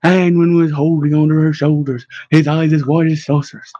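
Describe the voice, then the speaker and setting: A man reading a story aloud in measured, expressive narration. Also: fairly high pitch, dry recording, lo-fi sound. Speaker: audiobook narrator. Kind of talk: scripted narration.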